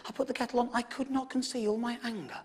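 A man in his thirties from England doing stand-up in a theatre, telling a story and shouting and swearing at the audience. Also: very high voice, fairly even intonation, fast talker. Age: 30s. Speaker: stand-up comedian. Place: theatre stage with a live audience. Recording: live theatre recording with audience and background noise.

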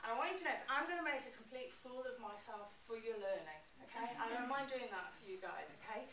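A woman giving an animated, expressive presentation on public speaking to a class. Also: a little high, fast, far from the mic, a crowd in the background. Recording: roomy echo, mic from afar.

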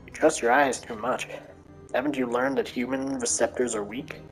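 A woman's voice: a bass voice, moderate pace, faint music behind, rough recording. A woman voicing a sinister male monster who taunts and gloats in a menacing way.

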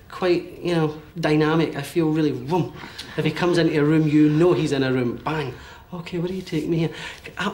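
Man, medium's reading, fairly high voice, faint hiss behind, halting and checking in. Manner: hesitant, relays messages in bursts with many okays. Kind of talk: giving a one-to-one reading.

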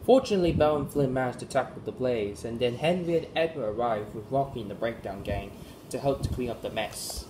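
A man narrating a home-made toy-train story, halting and restarting often as he reads. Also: mid-range voice, heavy background noise. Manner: halting, frequent restarts and stumbles. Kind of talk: amateur storytelling.

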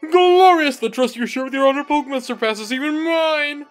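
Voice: brisk, faint music behind, natural voice. A let's-play gamer voicing a grandiose, chivalrous knight-like trainer in old-fashioned theatrical speech. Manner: booming, archaic theatrical speech.

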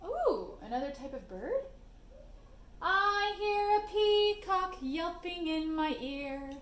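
A woman reading a picture book to children, singing its refrains in a slow, gently playful sing-song voice. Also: extremely high pitch, big pitch swings. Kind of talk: sung storybook read-aloud. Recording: roomy echo, faint background hiss.

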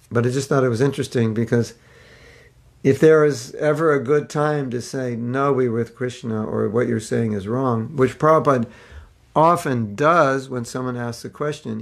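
A man leads a relaxed scripture class over video, drifting between points and poking fun at himself. His voice carries a steady gravelly fry at a middle pitch. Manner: rambling, self-mocking humor. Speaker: spiritual teacher. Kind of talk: casual online scripture class.

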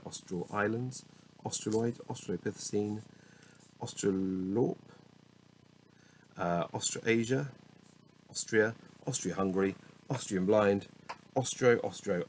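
A man's voice: lowish voice, a little hiss or hum, poor audio. A man reading dictionary entries aloud one after another, muttering and correcting himself with wry asides. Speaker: solo reader of a dictionary. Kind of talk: reading word lists aloud.

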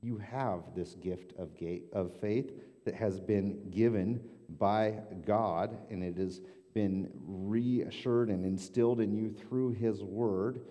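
Male pastor, informal sermon, deep dark tone, long sanctuary reverb. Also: fairly even intonation, slow. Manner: informal, repeats words while thinking. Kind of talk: conversational sermon. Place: church sanctuary. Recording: long church hall reverb.

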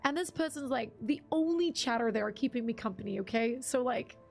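A woman's voice: on the high side, expressive, a little fast, vocal fry, a little mellow, soft background music. A woman streamer chatting casually while she plays, rambling through stories and laughing often. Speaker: game streamer. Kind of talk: casual live-stream chat while gaming.

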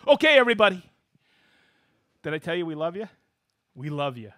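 A man hosting a live stream, chatting casually and excitedly calling out where his viewers are watching from, with whoops. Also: fairly high pitch, fairly quick, long pauses, no room sound, studio quality. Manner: excitable, whoops while reading out viewer locations. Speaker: live show host.

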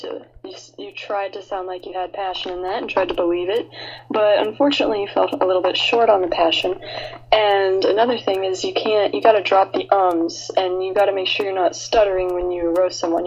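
A woman's voice: mid-range voice, steady tone, a little fast, a little mellow, husky, muffled recording. A woman guest on an online radio show, blunt and teasing, swearing in casual banter.

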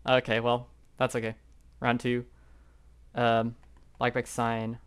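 A man's voice: medium pitch, completely flat delivery, slow pace, pauses often, fairly bright tone, smooth. A young man commenting on his own geography guessing game, rambling and unsure, thinking aloud with lots of fillers. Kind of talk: live gameplay commentary.

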